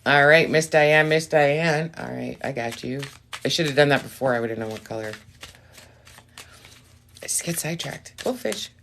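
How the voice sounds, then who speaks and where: Low-voiced chatty woman reading tarot. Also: normal speed, long pauses. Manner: chatty, easily sidetracked, drops into whispers; warm and reassuring toward viewers. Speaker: tarot reader on a live stream. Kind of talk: casual live tarot reading.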